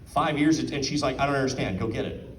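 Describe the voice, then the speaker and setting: In a room with an audience at an art auction, a man delivers a casual presentation, talking fast in a mid-range voice. He asks his listeners questions and acts out quotes. The mic is distant, so the sound is roomy.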